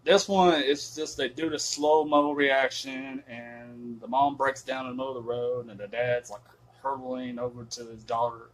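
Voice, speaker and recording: A man's voice: medium pitch, flat delivery, normal speed, rough recording. A man giving a casual spoken film review, cursing often and rambling emphatically with many fillers. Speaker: movie reviewer.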